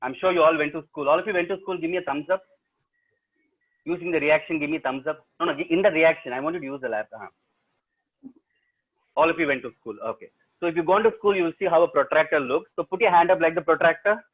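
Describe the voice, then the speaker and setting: South Indian male storyteller, higher-pitched voice, playful and teasing, on a video call with a tinny, phone-like sound. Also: fast talker. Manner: playful, teasing, talks straight to the audience. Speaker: professional storyteller. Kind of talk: interactive storytelling webinar. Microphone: laptop mic over a video call.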